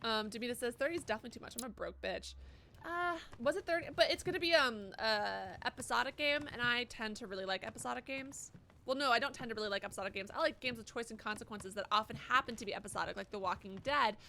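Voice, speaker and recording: A woman's voice: on the high side, quick pace, creaky, pushed and bright, slight background noise. A young woman streaming a game live, chatting casually and cursing as she reads viewer messages aloud. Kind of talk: live gameplay commentary.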